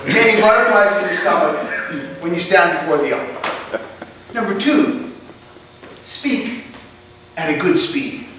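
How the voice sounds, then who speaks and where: A man giving a motivational contest speech to a club, emphatic, with deliberate pauses and punched key words. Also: sits high, fairly bright tone. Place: club meeting room. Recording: echoey room from far off, faint hiss.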